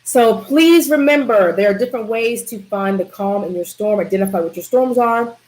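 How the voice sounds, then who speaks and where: A woman's voice: on the high side, normal speed, darkish tone, poor audio. A woman giving a live community talk on wellness, emphatic, repeating key words and asking the audience questions. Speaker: wellness presenter.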